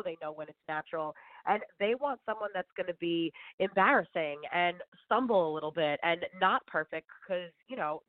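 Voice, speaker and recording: A woman's voice: on the low side, no room sound. A woman with a New Jersey accent, a reality show contestant chatting casually in an interview, laughing often and using lots of fillers. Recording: phone-like band-limited audio.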